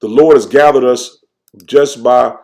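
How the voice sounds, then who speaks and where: A man giving an informal, fervent sermon, reading verses slowly and then commenting, tagging "man" onto nearly every phrase. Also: mid-range voice, darkish tone. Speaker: scripture teacher. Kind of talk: informal preaching with scripture reading.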